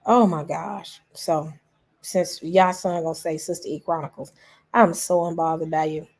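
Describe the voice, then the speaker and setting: A woman's voice: fairly low pitch, a little mellow. A middle-aged woman hosting her own vlog, talking straight to her viewers in an emotional, casual way and repeating phrases for emphasis. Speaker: vlog host.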